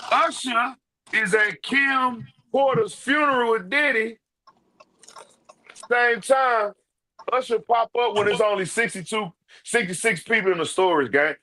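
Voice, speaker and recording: A man's voice: high voice, bright, forceful tone. A man giving casual ranting commentary, brash and profane, calling people out directly. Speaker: online commentator.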